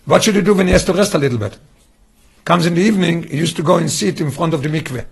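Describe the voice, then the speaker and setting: A man's voice: a little high, quick pace, breathy edge. A man teaching a Torah study class, often asking the students questions and restarting his phrases.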